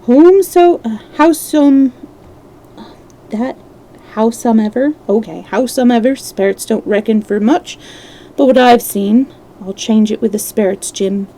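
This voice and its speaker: A woman reading aloud and voicing a wounded, scheming old male pirate in rough sailor dialect. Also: fairly high pitch, a little slow, dark tone, low-quality recording. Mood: sly, wheedling.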